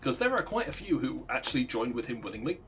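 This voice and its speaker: A man's voice: medium pitch, very animated, fast, fairly bright tone. A man, a let's play streamer, casually telling a rambling, profane story while gaming and laughing at his own jokes.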